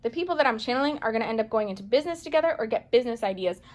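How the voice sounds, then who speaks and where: A woman reading tarot cards for viewers in a chatty, playful way, excitable and full of pet names. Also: a little high, very fast, background noise. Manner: playful, chatty, calls listeners baby girl and boo; excitable, gasps and exclaims over cards. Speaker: psychic medium tarot reader.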